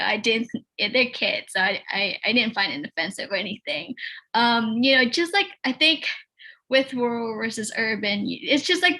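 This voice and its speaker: A woman's voice: a little high, sharp tone, low-quality recording. A woman from North Carolina, speaking hesitantly as a panelist in a discussion. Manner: hesitant, many fillers and restarts.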